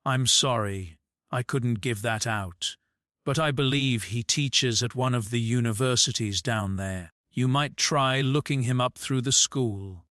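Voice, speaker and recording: A man voicing a polite, obliging shop clerk with a warm voice and a Boston accent. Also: mid-range voice, a little slow, dry recording, clean studio sound, close to an everyday voice. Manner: polite, helpful.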